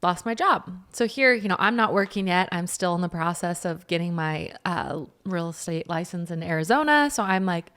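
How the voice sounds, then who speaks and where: A young woman with a somewhat low voice talks in a relaxed podcast chat. She tells her story earnestly and thoughtfully, pausing on filler words as she goes. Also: smooth. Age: young adult. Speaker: podcast co-host, wife. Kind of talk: casual chat.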